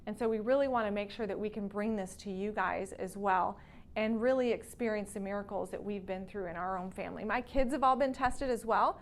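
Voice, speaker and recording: A woman's voice: mid-range voice, brisk, a little hiss or hum. A woman with a Texan accent, a wellness doctor, talking casually and telling a story, acting out the lines she quotes. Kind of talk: casual talk to patients.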